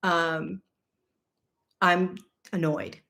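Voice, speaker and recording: A middle-aged woman hosting a podcast, telling a personal story in a candid, animated way with many asides. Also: lowish voice, drawn-out words. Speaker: podcast host.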